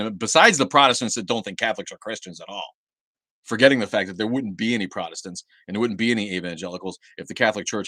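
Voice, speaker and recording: A man's voice: on the low side, a bit bright, no echo. A man hosting his own livestream, talking heatedly and with lots of swearing, often repeating and restarting words. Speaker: livestream host. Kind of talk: angry livestream rant. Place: home livestream setup.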